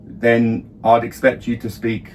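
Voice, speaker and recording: Man, middle-aged, London accent, casual podcast chat, rambling with restarts, mid-pitched. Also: monotone, measured pace, a little hiss or hum. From London area, England. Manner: rambling, many restarts and "do you know what I mean". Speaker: podcast co-host, father.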